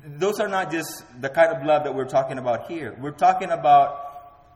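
A man's voice: a little high, normal speed, darkish tone. Emphatic male preacher in a reverberant hall. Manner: emphatic, repeats key words for effect. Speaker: pastor. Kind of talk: sermon. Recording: roomy hall with long reverb.

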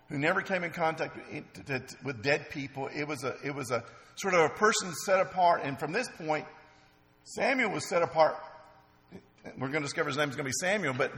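A middle-aged male pastor preaching in a relaxed, conversational and earnest way. His voice is a bit higher than most men's. It carries through a church sanctuary with a long reverb trail. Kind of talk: sermon. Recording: long reverb in a large hall.

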